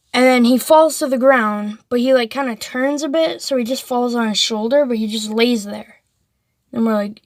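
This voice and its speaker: A woman's voice: a little high, no room sound, studio quality. A woman telling a story casually, rambling with lots of "like" and restarts.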